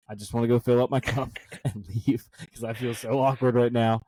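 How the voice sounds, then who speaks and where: A man's voice: medium pitch, fairly even intonation, brisk, few pauses, darkish tone, no room sound. Laughing young man telling a story. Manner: self-deprecating storyteller, laughs often. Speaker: podcast co-host. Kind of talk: casual podcast chat.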